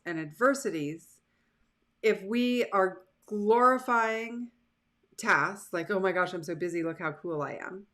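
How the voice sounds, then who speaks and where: A woman's voice: medium pitch, fairly bright tone. A woman hosting a live motivational show, talking casually and with animation to her online audience. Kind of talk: casual live-stream talk.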